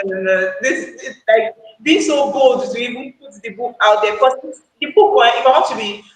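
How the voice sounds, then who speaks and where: A woman speaking excitedly on a live call, sharing a testimonial, repeating her points for emphasis and laughing often. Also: a little high. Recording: echoey room with faint background noise.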